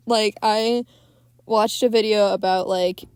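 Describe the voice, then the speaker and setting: A young woman talks through a film on her podcast at a mid pitch. She rambles loosely with fillers and casual swearing. Her voice sits close and dry with no room sound. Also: steady tone, slow, a little mellow, clear, resonant tone, no room sound. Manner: rambling, many fillers, swears freely, frequent laughs. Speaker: podcast host.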